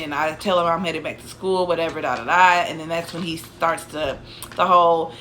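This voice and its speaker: A woman's voice: fairly low pitch, normal speed, bright, forceful tone, a little hiss or hum. A young woman casually telling a personal story, rambling with restarts and asides.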